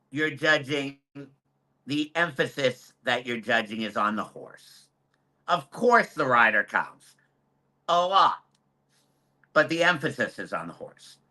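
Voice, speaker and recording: A man speaks as an expert guest on a video call, earnest and emphatic. His voice is very bright and forceful, and he hammers his points home by repeating them. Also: mid-range voice, animated, slow pace, pauses often. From United States. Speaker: hunter horse trainer and judge. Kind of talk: expert guest answering questions.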